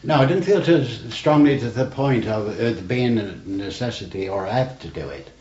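With a mid-range, darkish voice, an older man who served in the navy tells rambling stories in an animated way at a moderate pace. It's an oral history interview where he often adds "you see", preserved on roomy, dull archival tape with a faint hiss.

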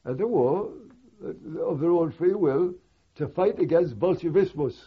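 A man's voice: fairly high pitch, lively intonation, measured pace, husky. An older man, a war veteran, recalling his memories in a rambling, conversational oral-history telling with asides. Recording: dull lo-fi recording.

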